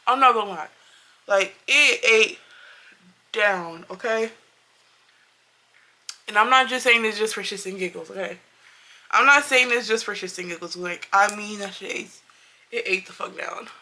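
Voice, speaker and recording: A woman's voice: medium pitch, normal speed, long pauses, bright, forceful tone. A woman doing a casual makeup review and storytime, chatty and emphatic, repeating herself and talking straight to her viewers. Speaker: beauty vlogger.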